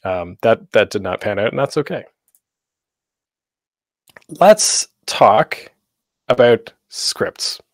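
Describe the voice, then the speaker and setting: A young man walks through his slides in a loose, chatty way, his speech full of ums and quick self-corrections. His voice sits on the lower side. The recording is dry and close, with no room sound. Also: sing-song, no room sound. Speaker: convention panel host. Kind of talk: casual slideshow presentation. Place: home setup, online talk.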